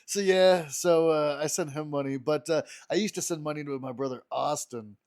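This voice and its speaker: A man's voice: a little high, normal speed, a little mellow. Laughing, foul-mouthed young man. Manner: laughing, loose and profane storytelling. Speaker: podcast co-host. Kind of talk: casual chat.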